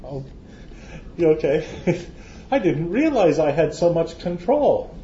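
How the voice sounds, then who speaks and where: A man's voice: on the high side, sing-song, takes it slowly, mellow. A man from Canada, giving a joking, chatty lecture to a live audience and often restarting his phrases. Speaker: conference speaker. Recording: roomy, dull hall recording.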